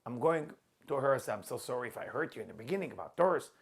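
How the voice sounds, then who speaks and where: A man's voice: medium pitch, animated, very fast, husky. A middle-aged man teaching a spiritual class, emphatic, repeating key words and stretching them out, with non-native phrasing. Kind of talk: lecturing a class.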